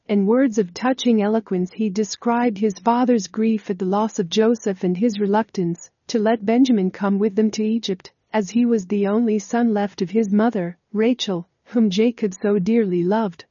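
Mellow-voiced woman narrating a Bible story. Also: mid-range voice, fairly even intonation, no echo, muffled recording. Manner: measured, formal storytelling.

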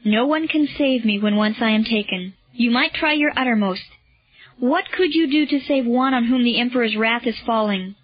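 A woman's voice: a little high, moderate pace, faint music behind, close to an everyday voice. A woman reading as a solemn man pleading for a friend. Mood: despairing. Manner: solemn, imploring. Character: earnest self-sacrificing grown man pleading. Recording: dull lo-fi recording.

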